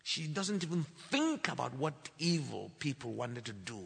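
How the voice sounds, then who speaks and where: A man preaching a sermon, telling a story and acting out the dialogue, building to loud declarations. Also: medium pitch, sing-song, normal speed, creaky, breathy edge. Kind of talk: sermon testimony. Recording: long hall reverb.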